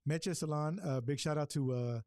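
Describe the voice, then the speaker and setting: A man's voice: a little high, moderate pace, darkish tone, no room sound, studio quality. A man with a Hispanic accent co-hosting a casual livestream chat, rambling and repeating himself in a chummy way. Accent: Hispanic English. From Hispanic heritage, Texas. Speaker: show co-host.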